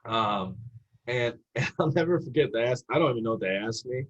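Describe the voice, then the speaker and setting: Young man, husky and low, animated storyteller acting out quotes, casual podcast guest, dull lo-fi audio. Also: fairly quick. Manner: animated storyteller who acts out the people he quotes. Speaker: assistant basketball coach, guest.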